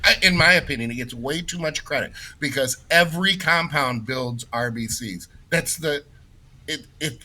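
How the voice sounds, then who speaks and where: A man's voice: fairly high pitch, normal speed, pushed and bright, low-quality recording. A man co-hosting a podcast in casual chat, emphatic and opinionated. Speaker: podcast co-host.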